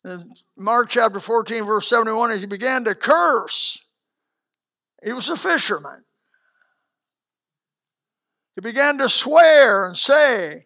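A male preacher giving a sermon to a congregation, swinging from loud declarations to hushed asides. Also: very high-pitched, expressive, a little slow. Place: church hall with a congregation.

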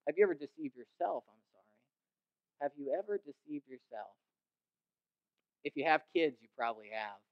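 Lively young male pastor preaching. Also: normal speed, long pauses, dull audio. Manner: animated, mimics others in quoted asides, rises in pitch and volume when emphatic. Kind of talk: sermon.

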